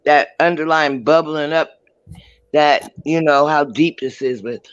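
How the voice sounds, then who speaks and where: A man chiming in on a casual recap with quick reactions and commentary. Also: fairly high pitch, clear, resonant tone, muffled recording. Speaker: co-host reacting. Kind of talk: casual chat.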